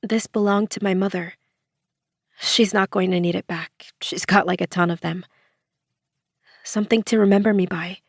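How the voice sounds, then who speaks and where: A woman's voice: mid-range voice, steady tone, normal speed, creaky, long pauses, dry recording, clean studio sound. A woman narrator voicing a frightened but brave young female death-row prisoner who speaks with a trembling voice. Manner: trembling, forcing a smile.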